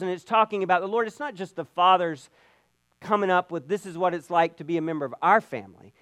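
A man's voice: high-pitched, fairly bright tone, no echo. A man preaching a sermon in an earnest way, often repeating words as he builds a point. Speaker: pastor.

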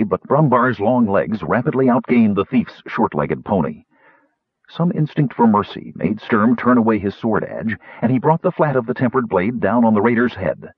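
A man narrating an audiobook in a husky voice with a very varied delivery, on a dull lo-fi recording. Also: lowish voice, no room sound. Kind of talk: scripted narration.

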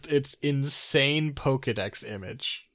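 A man's voice: medium pitch, takes it slowly, fairly bright tone, no echo. A man co-hosting a podcast in casual chat, dry and sardonic, often reading entries aloud. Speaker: podcast co-host.

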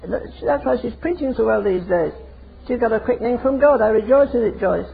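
A man's voice: very high voice, animated, normal speed, gravelly, a little hiss or hum. An older man preaching a fiery, emphatic sermon full of rhetorical questions. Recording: tinny phone-like sermon recording.

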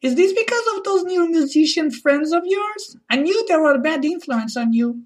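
A man doing a high falsetto voice as a jealous, dramatic gossiping woman. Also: lively intonation, moderate pace. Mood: accusing. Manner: exaggerated high falsetto, accusing.

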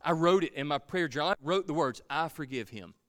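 A male pastor preaching a sermon, swinging from loud pleading to hushed, almost whispered lines. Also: a little high, animated, brisk, dry recording, studio quality.

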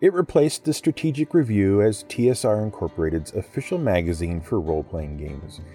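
A man hosting a podcast, reading a script with expressive, playful storytelling. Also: fairly low pitch, brisk, husky, soft background music. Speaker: podcast host.

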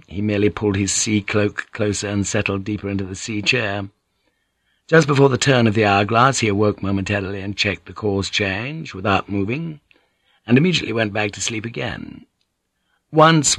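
Low-voiced man narrating a novel. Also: a bit bright, no room sound. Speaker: audiobook narrator. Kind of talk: scripted narration.

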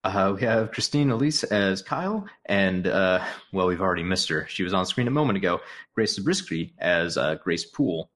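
A man's voice: low-pitched, animated, normal speed, fairly bright tone, slight background noise. A man co-hosting a casual movie commentary podcast, reading out trivia notes and laughing often. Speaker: podcast co-host.

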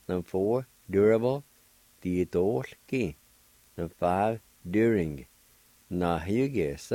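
Slow, patient man teaching pronunciation. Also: on the low side, mellow, dry recording. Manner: patient, spells and repeats syllables. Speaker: radio language teacher. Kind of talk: slow word-by-word pronunciation lesson.

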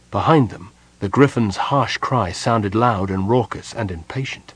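A man reading a story aloud as an audiobook narrator, with measured delivery. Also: on the low side, breathy edge, no echo. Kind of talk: scripted narration.

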